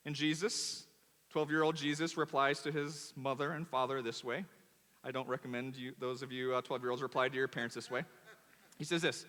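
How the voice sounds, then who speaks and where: A male pastor preaching a sermon in a church, animated and emphatic, often repeating words. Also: mid-range voice, brisk. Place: church auditorium. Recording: long church hall reverb.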